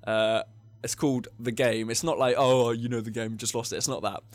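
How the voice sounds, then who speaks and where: A man's voice: medium pitch, fairly even intonation, brisk, dry recording. A young man with an English accent rambles through a drinking story, breaking into laughter as he goes. His voice sits in a middling register. The sound is dry and close to the mic, with no room around it. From England. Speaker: podcast co-host. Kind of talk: casual chat.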